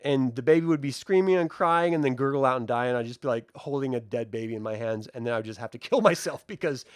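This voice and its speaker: A woman's voice: a bass voice, fast talker, no room sound. A woman co-host in a casual review chat, cursing freely and breaking into laughs as she retells what happened. Her voice is close and dry, with no room sound around it. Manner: profane, laughing, animated retelling.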